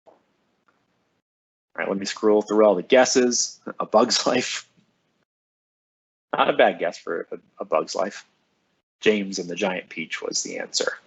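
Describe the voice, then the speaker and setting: A man's voice: low-pitched, animated, takes it slowly, gravelly, long pauses, husky. A man who works as a school librarian, chatting casually on a live stream with students. He reads out their names and comments and answers them cheerfully.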